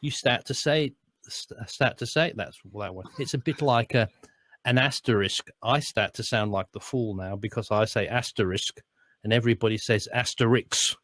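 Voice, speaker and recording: A man's voice: medium pitch, normal speed, fairly bright tone, dry recording. A man with an Australian accent, co-hosting a casual chat and rambling through stories with frequent restarts. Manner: rambling, restarts often, chuckles while explaining. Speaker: co-host, voice-over artist.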